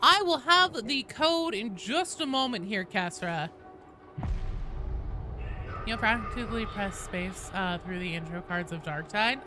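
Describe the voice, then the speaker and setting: Lively, bright-voiced woman game streamer. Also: medium pitch. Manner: animated, swears casually, reads out chat names. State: sleep-deprived and tired. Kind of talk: casual live-stream chat.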